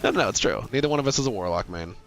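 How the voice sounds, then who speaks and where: A man's voice: fairly low pitch, lively intonation, rapid-fire, fairly bright tone, soft background music. A man streaming a game, talking casually with a teammate, joking and laughing often. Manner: chatty, laughs often, jokey. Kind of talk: casual gaming chat.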